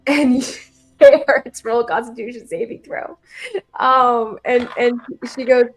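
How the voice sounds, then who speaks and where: A woman's voice: on the high side, steady tone, measured pace, faint music behind. Woman game master, chatty and giggly, lots of ums and restarts. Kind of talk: narrating a tabletop game.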